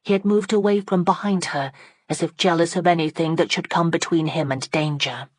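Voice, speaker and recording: Low-voiced woman narrating a classic novel. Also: fairly quick, no echo. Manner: steady, dramatic storytelling. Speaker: audiobook narrator. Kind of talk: scripted narration.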